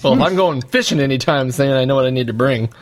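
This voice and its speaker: A man co-hosts a podcast in a playful, easygoing manner. His voice sits at an ordinary middle pitch and stays relaxed. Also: fast talker, a little hiss or hum. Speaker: podcast co-host. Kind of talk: casual chat.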